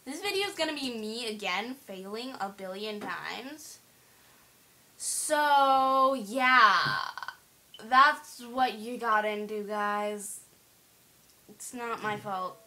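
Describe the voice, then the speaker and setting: Slow-talking bright-voiced woman gaming. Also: fairly high pitch, expressive, low-quality recording. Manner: playful, teasing, giggly banter. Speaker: gamer playing a horror game. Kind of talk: let's play commentary. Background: faint game music.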